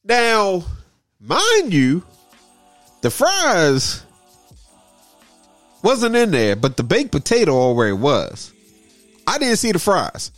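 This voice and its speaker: A man's voice: high voice, slow pace, pauses often, dry recording, soft background music. A man telling a story in casual chat, acting out everyone he quotes. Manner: animated, acts out everyone in the story.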